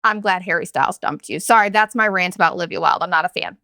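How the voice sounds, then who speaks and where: A woman's voice: fairly low pitch, fast talker, gravelly, sharp tone, no echo, studio quality. A woman in her thirties hosting a podcast, ranting in a candid, profane, sarcastic and rambling way. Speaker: podcast host. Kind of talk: casual solo podcast rant.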